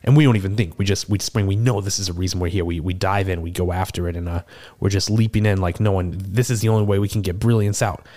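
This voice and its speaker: A man playing a seasoned male tortle cleric, telling a rambling, animated, self-deprecating tavern tale in a tabletop game. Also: sits low, fast talker, lightly acted. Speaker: player. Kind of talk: in-character tavern storytelling.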